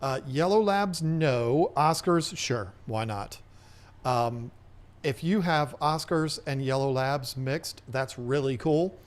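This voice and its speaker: A man's voice: medium pitch, slow pace. A man hosting a casual livestream Q&A, chatting in a rambling way and reading viewer comments aloud. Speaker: host.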